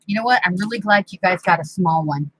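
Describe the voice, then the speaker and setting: A woman's voice: on the low side, quick pace, husky, dry recording, poor audio. A middle-aged woman hosting a home craft live stream. She chats casually while she works and playfully scolds and teases the kids around her. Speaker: craft channel host. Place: home craft room, indoors. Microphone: computer mic on the desk.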